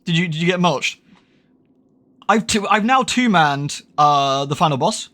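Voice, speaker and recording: British man, game streamer, rambling casual chat, swears and laughs a lot, fairly high voice that swings up and down. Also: animated, a little slow, bright, forceful tone. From United Kingdom.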